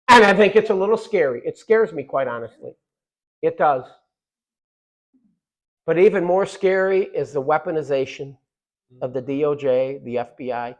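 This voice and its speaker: A middle-aged man giving a fiery political speech, loud and punchy with repeated lines and quiet asides. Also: a little high, animated, moderate pace, pauses often, poor audio.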